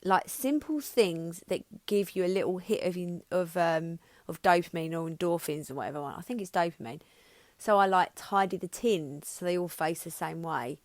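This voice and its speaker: Here a woman in her thirties, hosting her podcast, speaks at a moderate pace in a voice on the low side, with no room sound around her. It's a candid personal monologue: emotional, frank, peppered with false starts and the occasional swear.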